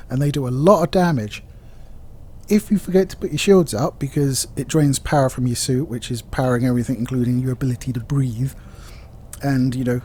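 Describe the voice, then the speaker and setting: A man's voice: medium pitch, dark tone. A man giving a casual, candid video game review, chatty and rambling with plenty of fillers.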